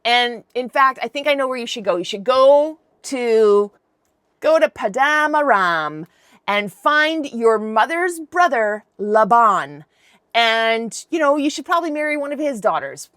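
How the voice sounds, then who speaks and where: A woman playing an old blind father in a retold Bible story, speaking in casual modern slang with a deadpan tone. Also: a little high, measured pace, no room sound, clean studio sound. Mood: urgent. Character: old blind male patriarch, doubtful then resigned.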